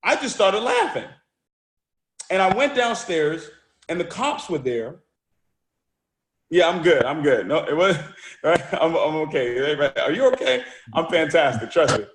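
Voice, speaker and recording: Energetic man, roomy echo. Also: on the high side, moderate pace. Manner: energetic, repeats words and restarts phrases. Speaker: motivational speaker. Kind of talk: motivational talk with storytelling.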